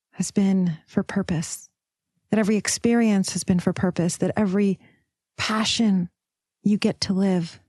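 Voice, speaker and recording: A woman podcast host leading a slow, soft guided meditation, sometimes dropping into a whisper and calling the listener sister. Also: medium pitch, no room sound, clean studio sound. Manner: calls listener "sister", affirmations.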